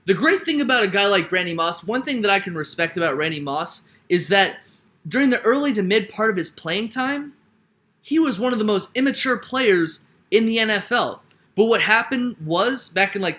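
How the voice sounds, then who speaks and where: A man's voice: high voice, bright, forceful tone. A young man delivering an emphatic sports opinion rant, repeating his points and tagging lines with "right?". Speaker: sports commentator. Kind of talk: ranting opinion monologue.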